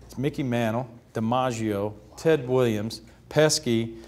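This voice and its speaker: A man, telling lively stories as an interview guest and acting out the voices of others. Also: medium pitch, a little slow. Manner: animated anecdotes, acts out quoted voices. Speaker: interview guest, retired pitcher. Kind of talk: storytelling on stage.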